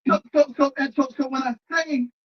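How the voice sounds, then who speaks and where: A speaker in a played clip, arguing earnestly and deliberately and repeating words while building a point. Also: high-pitched, steady tone, dull audio. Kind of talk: earnest debate argument.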